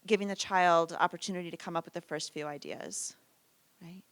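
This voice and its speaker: A woman's voice: fairly low pitch, a little fast, a bit bright, no room sound. A woman presenting a parenting workshop in a conversational manner, often asking "right?" and acting out short lines from parents and children. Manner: conversational, frequent "right?" tag questions.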